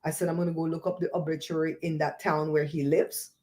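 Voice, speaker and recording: Animated, preachy woman host, mellow tone. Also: sits low, fast talker. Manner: animated, preachy, laughs often. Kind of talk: casual livestream chat.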